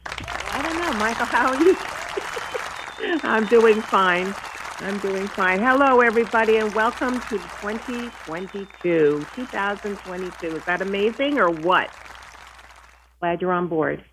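A woman's voice: medium pitch, lively intonation, a little slow, long pauses, crowd noise, noisy background. A woman co-hosting a radio show, chatting with some hesitations. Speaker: co-host and executive producer. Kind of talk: casual radio talk.

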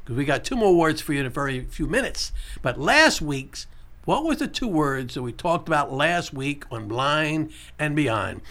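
A man hosting a casual radio talk show, who repeats key points and slows right down to spell out numbers. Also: on the high side, sing-song, a bit bright.

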